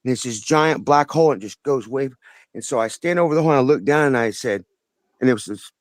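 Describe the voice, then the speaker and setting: A man's voice: mid-range voice, animated, no room sound. Earnest rambling male caller. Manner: earnest, rambling, halting with many restarts. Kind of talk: casual phone-in storytelling.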